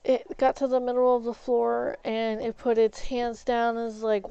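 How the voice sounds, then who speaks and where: A woman's voice: fairly high pitch, little pitch movement, moderate pace, gravelly, hardly any pauses, warm tone, smooth, dry recording, dull audio. A woman streamer telling a story in a rambling way while she plays a game, swapping in "flip" for swear words. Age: adult, has an ex-husband. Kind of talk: casual storytelling while gaming.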